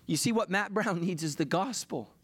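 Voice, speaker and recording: Middle-aged pastor guy preaching, a bit high-pitched, jokey and self-deprecating then fired up. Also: animated, normal speed, a bit bright, husky. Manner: confessional and self-deprecating, building to impassioned preaching. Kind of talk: sermon.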